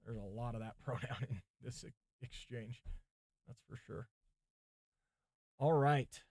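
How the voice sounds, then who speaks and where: A man's voice: medium pitch, measured pace, darkish tone, slightly rough, no echo, studio quality. A male pastor preparing a sermon on a livestream, reading commentaries aloud, thinking aloud and chatting with viewers, with his mic set some way from him. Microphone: mic set far from him.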